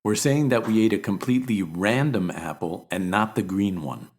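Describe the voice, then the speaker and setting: A man with an American accent teaching a scripted pronunciation lesson, speaking clearly and repeating examples slowly. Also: lowish voice, a little mellow. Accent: American English.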